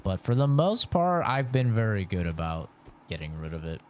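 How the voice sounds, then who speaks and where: A Canadian man in his twenties chatting on a live game stream. His voice sits a little low, and he rambles casually through viewer questions over faint background noise. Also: sing-song, moderate pace. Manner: rambling and chatty, answering chat.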